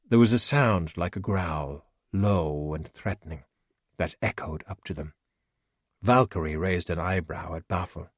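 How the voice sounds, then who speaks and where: A man narrating an audiobook with expressive storytelling. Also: low voice, normal speed, no echo, clean studio sound. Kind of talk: scripted narration.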